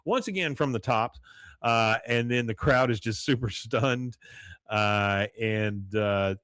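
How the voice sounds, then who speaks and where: Man, podcast host, casual recap, rambling with fillers, dry close sound, mid pitch. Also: measured pace, fairly bright tone, dry recording. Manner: rambling, many fillers, reads quotes aloud.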